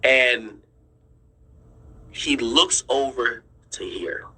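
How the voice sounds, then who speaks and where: Male streamer, bright, edgy husky tone, casual swearing storyteller. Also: mid-range voice, drawn-out words, low-quality recording. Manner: insistent, repeats himself, swears freely; draws on screen while explaining. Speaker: streamer and commentator.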